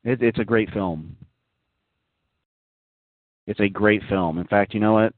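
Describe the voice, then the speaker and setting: With a lowish voice and an unhurried pace, this host of a casual online radio talk show rambles on in mock seriousness, full of fillers. There's no room sound, and the audio comes across tinny, like a phone.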